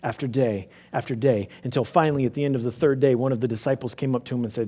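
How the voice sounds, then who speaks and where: A man's voice: medium pitch, steady tone, fast talker, hardly any pauses, husky. Man telling a dramatic sermon story. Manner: theatrical, swings from hushed to loud. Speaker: preacher. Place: church sanctuary.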